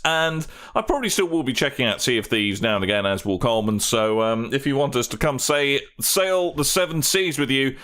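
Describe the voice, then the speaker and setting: Lively British podcast host man. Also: mid-range voice, moderate pace, few pauses, smooth. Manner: jokey, chatty, wrapping up the show. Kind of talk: casual chat.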